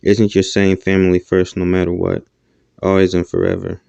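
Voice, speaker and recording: A man voicing a defiant, sharp-tongued captive young woman on a dull lo-fi recording. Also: sits low, monotone, moderate pace, gravelly, clean tone, dry recording.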